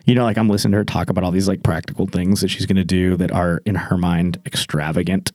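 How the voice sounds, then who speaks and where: A man on a casual podcast, telling animated, profane stories and putting on quoted voices. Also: deep voice, fast, no echo, clean studio sound. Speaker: podcast co-host. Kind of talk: casual chat. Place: married man telling a story about his wife.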